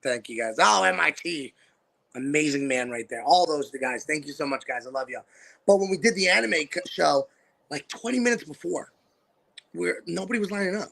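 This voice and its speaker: A man hosting a podcast, telling stories in a lively, animated way and acting out the voices of the people in them. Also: fairly high pitch, brisk, creaky. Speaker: podcast host and wrestling promoter. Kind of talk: casual storytelling chat.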